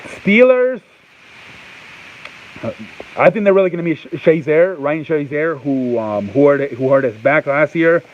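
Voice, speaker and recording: A man with a fairly high voice hosts a loose sports talk show, circling back over the same points and stumbling through restarts. The recording is muffled and lo-fi, with a faint sizzle behind him. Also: animated, a little slow, pauses often, slight background noise. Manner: rambling, repeats himself, restarts often; answers off-mic chat and reads live comments. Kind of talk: casual sports chat.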